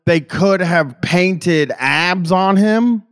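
A man's voice: high-pitched, extremely slow, clear, resonant tone. A man co-hosting a podcast in casual chat, swearing freely and stammering as he riffs. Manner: profane, stammering, riffing. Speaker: podcast co-host.

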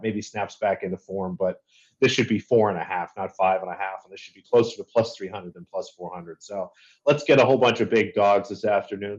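A man giving a steady, analytical run-through of tennis betting picks in a casual chat. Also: fairly low pitch, highs cut off.

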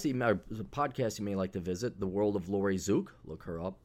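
A man's voice: on the low side, quick pace, darkish tone. A man hosting a casual solo podcast, talking in a blunt, profane, sarcastic way, rambling with fillers. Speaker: podcast host.

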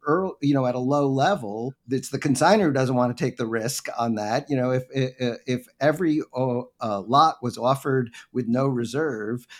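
A male interviewer with a mid-range voice. He speaks in a measured, thoughtful way. He often pauses and restarts his sentences. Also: medium pitch. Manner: thoughtful, halting, many restarts and fillers. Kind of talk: conversational interview.

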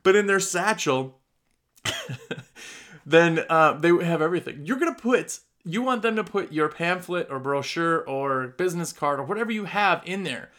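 Man, Midwestern accent, high-pitched for a guy, emphatic, plain-spoken business coaching. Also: expressive, normal speed, few pauses, fairly bright tone. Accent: Midwestern American. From Wisconsin. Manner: emphatic, plain-spoken, acts out customer dialogue. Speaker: window cleaning business owner giving advice. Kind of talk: casual business coaching talk.

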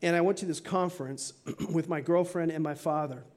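A middle-aged male pastor preaching a sermon to his church, earnest, with slow emphatic stretches and quick asides. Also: a little high, a little mellow. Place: church sanctuary.

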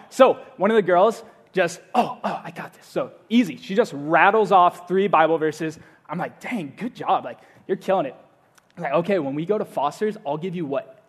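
A young adult man delivering a sermon in a relaxed, chatty way. His voice sits high for a man. He tells his story in an animated, playful way. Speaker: pastor.

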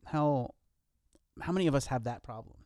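A man's voice: medium pitch, normal speed, mellow. A man co-hosting a podcast, talking earnestly in a casual motivational way with wry self-deprecating jokes. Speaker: podcast co-host.

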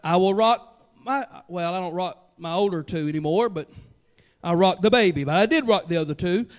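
A pastor preaching a sermon in a church. He drops to quiet, joking asides and then builds to shouted, fervent peaks. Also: sits high, normal speed.

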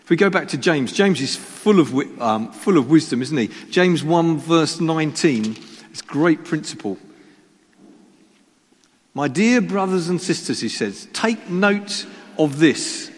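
With a fairly high, breathy-edged voice, this man delivers an animated but unhurried sermon as a pastor. The church hall echoes as he pokes fun at himself and poses rhetorical questions to the congregation.

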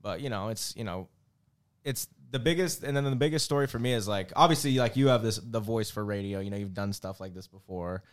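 A young man co-hosts a podcast in laid-back, casual chat. He talks quickly in a fairly low voice and fills his sentences with "you know" and "like.". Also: clean tone. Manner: fast, easygoing, filler-heavy talk. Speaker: podcast co-host.

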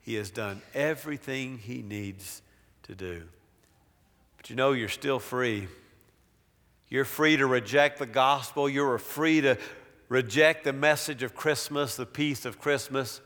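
A male pastor preaching a sermon, drawing out phrases with dramatic pauses and letting line endings sink to a hush. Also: mid-range voice, long reverb tail. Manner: slow, dramatic pauses, trailing off softly at phrase ends. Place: church sanctuary.

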